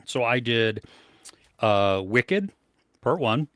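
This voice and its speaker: A man's voice: mid-range voice, sing-song, drawn-out words, fairly bright tone, no echo. A man co-hosting a casual movie review podcast, enthusiastic, laughing often and trailing off mid-sentence. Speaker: podcast co-host. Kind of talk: casual chat.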